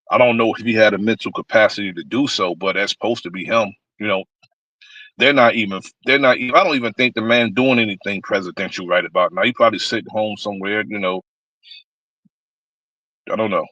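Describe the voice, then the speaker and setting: A man talks politics on a stream in a blunt, rambling way and swears without pause. His voice is bright and forceful. The sound is dry and close. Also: on the low side, no room sound, dull audio. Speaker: stream panelist. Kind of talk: casual political rant.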